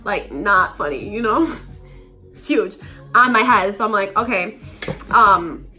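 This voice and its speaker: A woman's voice: medium pitch, expressive, takes it slowly, bright, forceful tone, soft background music. A young woman telling a casual storytime vlog, chatty and filled with "like", acting out the voices of people in her story. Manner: chatty, heavy use of "like", acts out quotes. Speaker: vlogger.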